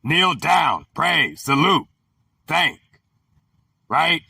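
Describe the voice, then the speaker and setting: A man reading dictionary entries on scripture words and explaining them in loud, slangy bursts. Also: a little high, sing-song, creaky, husky, no room sound, far from the mic. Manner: reads definitions slowly, then riffs in loud slangy bursts. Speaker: scripture teacher. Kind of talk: bible word-study talk, reading then explaining.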